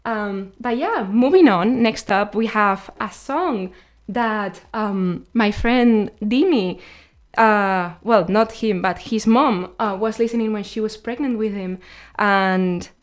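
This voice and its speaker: A woman's voice: mid-range voice, slow. A woman hosting a radio show, sharing science facts between songs in a loose, chatty way with many fillers and self-corrections.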